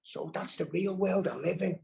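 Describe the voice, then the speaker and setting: A Scouse man with a gravelly, slightly raised voice tells his recovery story to a live room. He is blunt and profane, dropping swear words without a pause, and plainly talking rather than performing. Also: high-pitched, a little mellow, poor audio. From Birkenhead, England. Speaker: recovery workshop speaker. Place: live convention hall.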